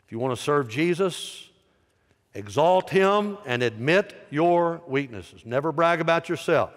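A pastor delivers an impassioned sermon, his somewhat high voice surging and then dropping low. The sound is a live recording in a large church sanctuary, and each phrase trails off in a long reverb. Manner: impassioned preaching, rising loud then dropping soft.

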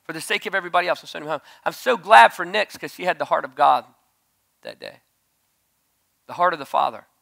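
Gravelly bright-voiced man preaching with surges. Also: fairly high pitch, lively intonation, a little fast, long pauses. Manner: storytelling preacher, surges to loud shouted peaks. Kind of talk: sermon. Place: conference stage.

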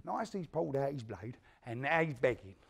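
An actor with a London accent performs a stage monologue as a hard, spiteful gangster, grimly boasting about a brutal feud in coarse, swearing speech and re-enacting the scenes as he goes. His medium-pitched voice is sing-song, brisk, creaky, slightly rough and exaggerated.

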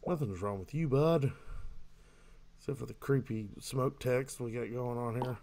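A man's voice: medium pitch, measured pace, darkish tone. A man doing let's play commentary, reading in-game texts aloud and answering them with jokes. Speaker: gamer.

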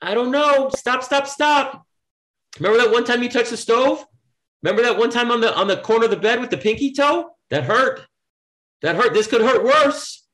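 A man voicing his own fearful inner brain, nagging and warning in a high, whiny tone. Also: expressive, moderate pace, a bit bright.

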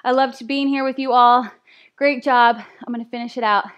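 A woman's voice: on the high side, level tone, normal speed, a bit bright, dull audio. A young woman fitness instructor coaching a live workout class, out of breath, counting reps and cheering people on. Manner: counts reps aloud, upbeat encouragement.

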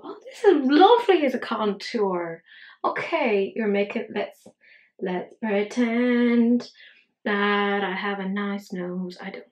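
Over a rough recording, a woman in her thirties with a medium-pitched voice walks through a makeup tutorial. She cusses freely and mutters to herself as she applies it, in a relaxed, chatty way.

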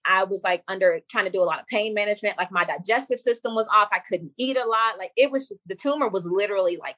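A young woman speaks as a podcast guest, telling a personal story in a casual, lively way. Her pitch sits mid-range, and she jumps up high when she mimics other people. The recording is dry and close, with no room sound. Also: no echo. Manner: lively storyteller who acts out quoted dialogue. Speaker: podcast guest, women's coach.

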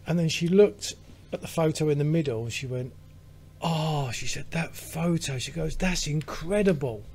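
A man's voice: fairly high pitch, normal speed, a little mellow, slightly rough. A British man, a podcast co-host, telling a long rambling story in casual chat with lots of fillers. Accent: British English.

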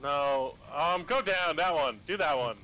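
A man's voice: on the high side, measured pace, pushed and bright, soft background music, rough recording. A man from Canada chatting and commentating on a gaming stream, joking and rambling. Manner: joking, rambling, British slang. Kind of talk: casual gaming stream chat.

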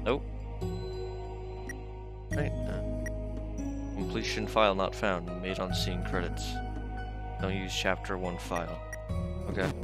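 A young man casually joking and reading game text aloud as he plays. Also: deep voice. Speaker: gaming channel host. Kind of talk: casual let's-play commentary.

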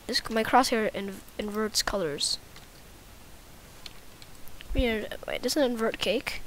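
A woman's voice: a little high, takes it slowly, pauses often, a bit bright, slight background noise. A woman giving casual, rambling, self-mocking commentary while playing a video game. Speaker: gaming YouTuber.

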